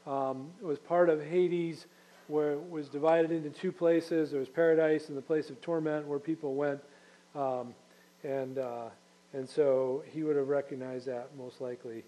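Man preaching in a mellow voice. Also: a little high, poor audio. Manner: conversational preaching with repeated phrases. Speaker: pastor. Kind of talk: sermon.

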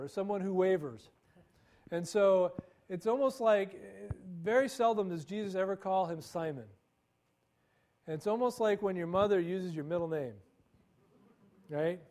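A man's voice: high-pitched, darkish tone. A male pastor giving a conversational sermon, acting out quoted dialogue with stammering repetitions.

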